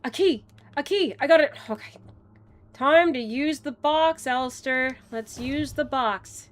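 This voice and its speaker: A woman's voice: high-pitched, a little slow, a little hiss or hum. A young woman streaming a game, chatting casually and rambling with playful asides. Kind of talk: casual gaming stream chat.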